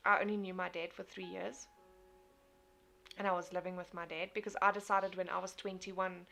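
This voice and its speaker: A woman's voice: fairly low pitch, little pitch movement, moderate pace, creaky, sharp tone, faint music behind. A young woman, hosting a casual motivational live stream, talking earnestly and reading out viewer comments. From South Africa. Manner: earnest, repeats and restarts phrases.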